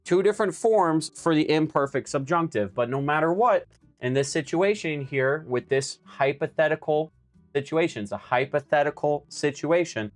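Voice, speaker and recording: A young man teaching a live Spanish lesson, explaining verb forms step by step while writing on a board. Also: a little high. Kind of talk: live-streamed language lesson.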